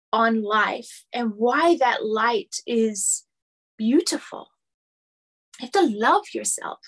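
Woman spiritual teacher, fairly high voice, slow and earnest lecturing with repeated phrases. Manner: earnest, repetitive, building phrases.

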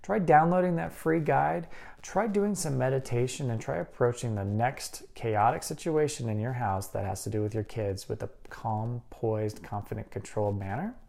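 A man's voice: medium pitch, moderate pace, vocal fry, darkish tone. A man hosting a podcast, talking earnestly and conversationally, often checking in with a "right?". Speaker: podcast host. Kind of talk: casual advice talk.

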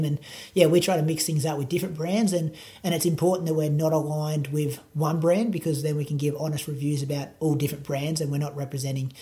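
Here the Australian coach and running-podcast producer sounds on the high side, level and warm, moving along fairly quickly. It's a casual interview chat, laid-back and meandering, full of fillers.

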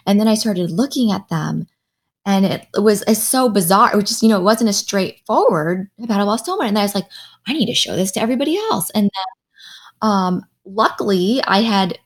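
A woman's voice: medium pitch, brisk. Woman doctor telling a story animatedly. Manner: animated storyteller who acts out quoted dialogue. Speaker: pediatric radiologist. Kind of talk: casual conversation, recounting a story.

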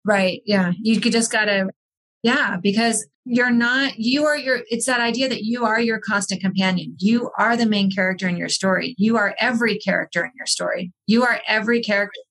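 A woman who is an author and coach appears as a podcast guest in a candid personal conversation, speaking earnestly and reflectively with frequent restarts. Her mid-range voice is a bit bright and fairly quick, and the recording quality is low.

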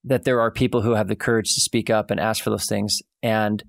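A podcast host with a fairly low voice, recorded dry and close. He muses over his guest's points in an easy, affirming way. He speaks in a relaxed, conversational style. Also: fairly quick, creaky, no echo. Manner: reflective, affirming, chuckles along. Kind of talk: casual interview chat.

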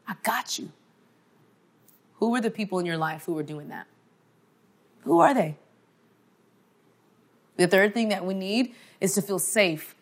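A woman speaking to an audience in an emphatic, conversational motivational faith talk. She often checks in with "okay?" and drops her voice softly on key points. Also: mid-range voice. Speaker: conference speaker.

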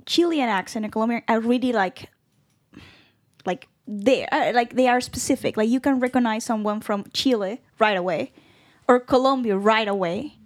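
A woman's voice: on the high side, moderate pace. A South American woman whose first language is Spanish, patiently explaining words in English on a casual podcast. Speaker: podcast guest, Spanish tutor. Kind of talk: casual chat.

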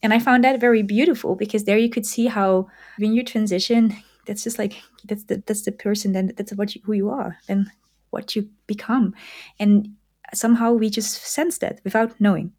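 A woman hosting a podcast, talking casually and reflectively, often pausing to search for words. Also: medium pitch, steady tone, a little mellow. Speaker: podcast host. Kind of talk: casual conversation.

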